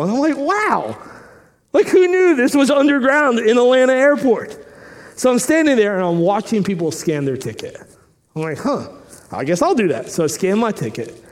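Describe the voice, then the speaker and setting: Animated storytelling man preaching a sermon. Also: sits high. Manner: animated storytelling, acting out dialogue; drops soft and quiet when earnest. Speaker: pastor. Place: church sanctuary.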